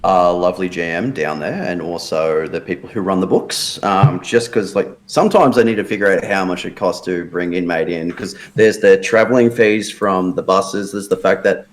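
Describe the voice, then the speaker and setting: A man's voice: low-pitched, normal speed, few pauses. A tired man, telling crude, joking stories in casual chat. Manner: joking storyteller, crude banter. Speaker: show regular, wrestler.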